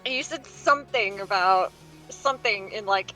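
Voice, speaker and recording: A woman chatting on a stream call, telling stories with giggles and lively energy. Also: medium pitch, moderate pace, poor audio. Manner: giggly, animated storyteller. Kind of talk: casual chat on a stream call. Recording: faint music behind.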